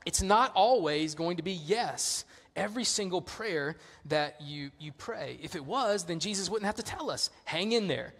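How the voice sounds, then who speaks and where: A man preaching a sermon as a pastor, conversational and animated in his storytelling. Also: sits high, normal speed, big-room sound.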